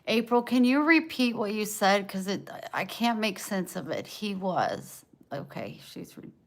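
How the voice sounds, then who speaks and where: A woman's voice: medium pitch, animated, unhurried, vocal fry. A woman livestreaming from home, venting raw and emotional while she answers viewers by name.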